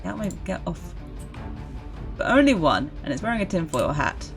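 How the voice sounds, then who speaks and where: Woman streamer, lowish voice with lively swings, giggly, casual play-by-play, faint music behind. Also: normal speed, gravelly. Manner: giggly, chatty, talks to zombies. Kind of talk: casual gameplay commentary.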